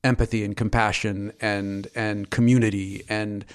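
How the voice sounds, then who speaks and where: A man's voice: on the low side, flat delivery, normal speed, clean tone. A man co-hosting a podcast, musing aloud in casual talk and asking follow-up questions. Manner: reflective, asks follow-up questions. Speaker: podcast co-host. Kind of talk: casual conversation.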